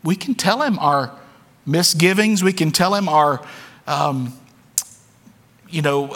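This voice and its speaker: A man's voice: on the high side, a little slow, fairly bright tone. A man preaching a sermon to his church, speaking earnestly and candidly, often repeating words as he goes. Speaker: pastor. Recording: long hall reverb.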